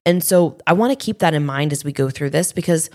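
A woman co-hosting a podcast in relaxed, casual chat, with loose phrasing full of fillers. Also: sits low, brisk. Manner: relaxed, filler-heavy, lots of "like". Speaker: podcast co-host.

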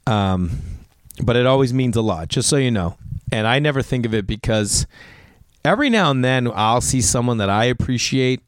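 A middle-aged man, a comedian hosting a podcast, chatting casually in a rambling, animated way with lots of restarts and asides. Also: fairly low pitch, clean tone, no room sound, studio quality.

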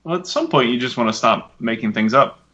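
A man riffs jokingly as a co-host in a casual podcast chat. His voice is bright and forceful. The recording sounds dull and lo-fi. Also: medium pitch, lively intonation, a little fast. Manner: joking, riffing.

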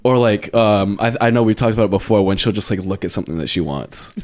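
A young man co-hosting a podcast, relaxed and hesitant, breaking into laughter. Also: lowish voice, quick pace, slight background noise. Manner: laid-back, lots of "um", bursts of laughter. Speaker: podcast co-host. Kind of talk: casual chat.

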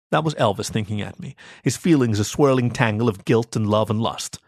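A man reading an adult story aloud as its narrator, in an expressive, animated way. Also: fairly low pitch, fairly quick, gravelly, dry recording, clean studio sound. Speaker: story reader.

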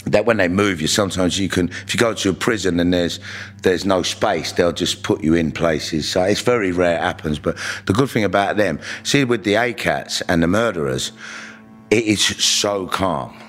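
Man, very low voice, blunt profane storyteller, middle-aged. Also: moderate pace, a bit bright, faint music behind. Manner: blunt, profane, with frequent restarts. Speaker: interviewee. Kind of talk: candid storytelling.

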